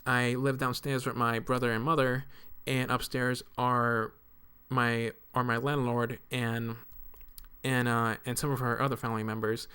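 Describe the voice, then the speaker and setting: A man speaks quietly in a casual, rambling monologue from his apartment, keeping his voice down. His tone is bright and crisp, and he stumbles often, filling pauses with ums and uhs. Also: mid-range voice, flat delivery. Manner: speaks softly to keep quiet at home; halting, with many fillers and stumbles. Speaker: art video creator. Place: apartment room at home.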